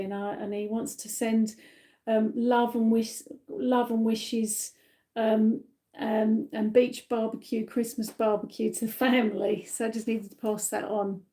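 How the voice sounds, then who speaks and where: A woman from the UK giving a live-stream psychic reading, gentle and reassuring, with many fillers and tag questions, a little tired. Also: on the high side, level tone, measured pace. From United Kingdom. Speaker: psychic medium.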